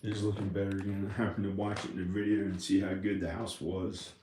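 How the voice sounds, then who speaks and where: A man talks to the camera in a meandering monologue, sliding between half-finished thoughts. His voice sits on the low side. The room echoes noticeably, with a faint hiss underneath. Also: flat delivery, fast, darkish tone. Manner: meandering, trailing off and restarting thoughts. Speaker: vlogger. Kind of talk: rambling casual monologue. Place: inside his house. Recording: roomy echo in a house.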